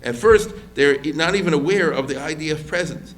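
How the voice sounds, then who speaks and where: A man's voice: a little high, a little fast. A man giving an informal history lecture as a rabbi, talking casually with many restarts and acting out quotes. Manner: conversational, lively quoted voices, frequent fillers and restarts.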